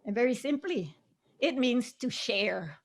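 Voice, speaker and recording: Expressive and a little high-pitched, an older woman from Southern Arizona, both playwright and actress, looks back on the past during a video call. She's talkative, laughs readily, and sprinkles Spanish phrases through her English.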